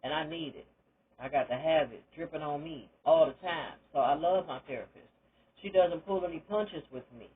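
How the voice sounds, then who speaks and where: Older lady with a husky voice, talking straight and emphatic about her life, tinny phone-like sound. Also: low voice, normal speed. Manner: candid, emphatic, preacherly encouragement. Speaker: retired teacher sharing her story. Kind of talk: personal testimony monologue.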